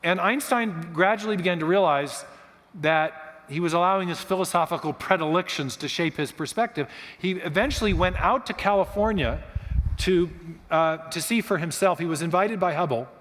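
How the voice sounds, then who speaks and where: High-voiced man lecturing in a hall. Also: moderate pace. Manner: explanatory, animated storytelling with restarts. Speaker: guest speaker. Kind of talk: lecture-style talk. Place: church hall. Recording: long hall reverb.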